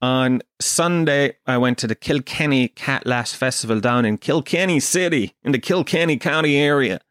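An Irish man hosting a podcast, telling animated comic stories with plenty of swearing. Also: mid-range voice, normal speed, no room sound, studio quality. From Ireland. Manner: animated storytelling, swears a lot, acts out quotes. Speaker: podcast host. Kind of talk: casual comedic monologue.

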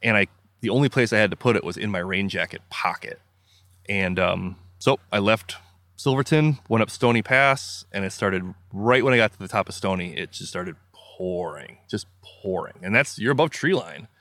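A man from the American Midwest recounts a story as an interview guest, vivid and emphatic, voicing his own thoughts aloud. His voice sits fairly low. The sound is dry and close. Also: moderate pace, fairly bright tone, no echo. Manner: vivid, emphatic retelling with acted-out inner quotes. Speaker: guest telling a hiking story.

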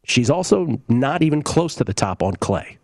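A man hosts a sports betting talk show in a casual, opinionated way, full of fillers and quick asides. His voice sits in the middle pitch range. The sound is dry and close, with no room echo. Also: sing-song, creaky. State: coughing, briefly choked up.

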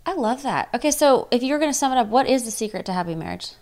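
High, lively woman interviewer. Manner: warm, affirming, quick to agree. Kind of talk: casual conversation.

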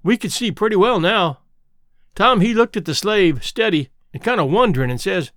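Lively, high-voiced male audiobook narrator. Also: moderate pace, dry recording, clean studio sound. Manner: folksy dialect reading. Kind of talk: audiobook reading.

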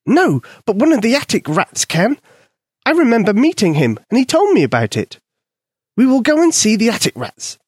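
A man voicing a kind-hearted little male house mouse with a squeaky, excited voice for a children's storybook. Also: normal speed, slightly rough, no echo, studio quality, full character voice.

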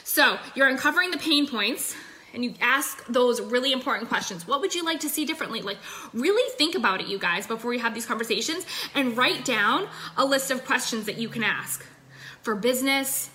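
A woman's voice: a little high, expressive, brisk, pushed and bright. A young adult woman giving a chatty, upbeat sales coaching talk into her phone, full of fillers. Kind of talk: casual livestream coaching talk.

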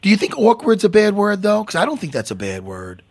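A man with a husky, slightly raised voice hosts a podcast in loose, rambling fashion. His pitch swings widely as he jokes about himself and swears freely. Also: huge pitch swings, fairly quick. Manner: rambling, self-deprecating, swearing. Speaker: podcast host. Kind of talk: casual interview chat.

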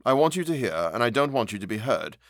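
A man's voice: medium pitch, very animated, fast, dry recording, clean studio sound. A man doing a shaken loyal old butler. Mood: urgent. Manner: harsh, broken, urgent pleading.

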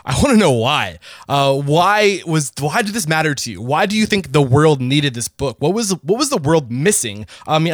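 A man's voice: fairly high pitch, no room sound. Eager male podcast host, dry mic. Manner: enthusiastic, earnest, probing questions. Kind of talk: podcast interview.

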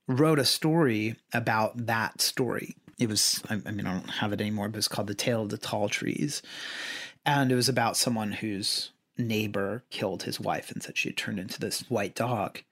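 A man in an ordinary middle register tells a story in a relaxed podcast conversation. He stops and restarts often and drifts into asides. The delivery stays casual and unpolished. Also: mid-range voice. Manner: halting, with frequent restarts and trailing asides.

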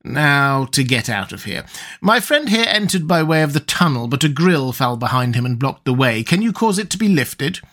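A man's voice: big pitch swings, normal speed, a bit bright. A man voicing a scheming young nobleman, speaking heatedly and raised above his narrating voice. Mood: resolved. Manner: heated, accusing, higher than the narration. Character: scheming young male nobleman thief, quick-tongued. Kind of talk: audiobook character reading.

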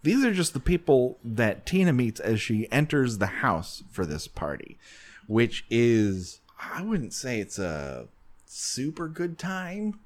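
Male podcast host, lively pitch, jokey and animated. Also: takes it slowly. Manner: joking, animated, frequent laughs. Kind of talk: casual comedic chat.

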